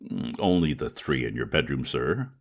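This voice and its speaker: A man reading aloud, voicing a calm, respectful male valet in a quiet, measured way. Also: rumbling low, voice pushed down. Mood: deferential.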